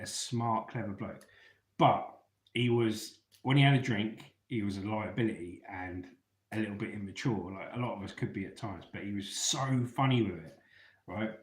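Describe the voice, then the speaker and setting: A man's voice: on the low side, roomy sound. A man who once served in the army, chatting casually on a live stream and often calling his listeners mate. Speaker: ex-soldier live-stream host. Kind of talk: casual live-chat storytelling.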